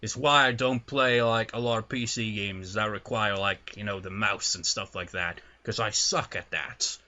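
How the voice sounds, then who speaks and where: A man's voice: on the low side, fairly even intonation, moderate pace, sharp tone. A man with an American accent giving casual let's play commentary, rambling with lots of "like" and "uh". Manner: rambling, full of "like" and "uh". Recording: dull lo-fi mic with clear noise.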